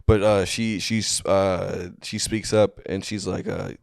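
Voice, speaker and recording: A man's voice: sits low, little pitch movement, slow, gravelly, no echo, studio quality. A young man co-hosting a comedy podcast, telling a story casually with many fillers and restarts. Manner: rambling, lots of fillers and restarts.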